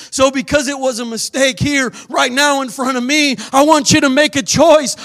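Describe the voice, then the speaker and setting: A man's voice: very high-pitched, a bit bright. A man preaching acts out a boastful ancient king who taunts and threatens his captives. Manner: menacing, taunting.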